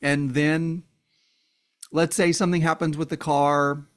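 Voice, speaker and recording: A man's voice: fairly high pitch, flat delivery, measured pace. Blunt man telling a hypothetical story. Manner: acts out quoted voices of an angry abuser and a victim in heated tones; blunt, swears, many "like" fillers. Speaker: commentator. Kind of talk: casual spoken commentary.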